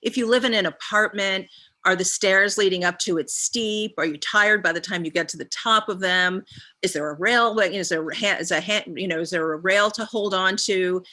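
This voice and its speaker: A woman's voice: mid-range voice, moderate pace, pushed and bright. A woman guest speaker on a live stream, leading a visualization with a long string of reflective questions and frequent ums.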